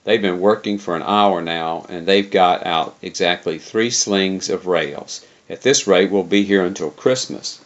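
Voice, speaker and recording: A man's voice: low voice, measured pace, hardly any pauses. A man voicing a gloomy, grumbling male shipmate who turns stern and tart, on a dull lo-fi recording. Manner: mournful, then stern and tart.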